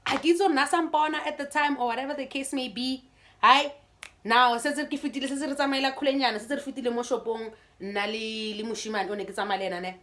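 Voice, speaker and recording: A South African woman telling a personal story in a casual vlog, animated and chatty, with frequent restarts. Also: on the high side. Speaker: YouTuber.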